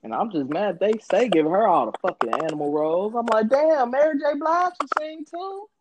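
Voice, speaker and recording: A woman's voice: on the high side, expressive, normal speed, background noise. A woman in casual conversation, talking animatedly, swearing freely and laughing often. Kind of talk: casual chat.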